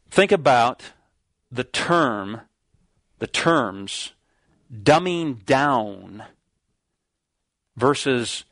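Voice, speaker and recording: A man preaching a sermon, reading scripture slowly and stressing key words, with some restarts as he explains. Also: mid-range voice, dry recording.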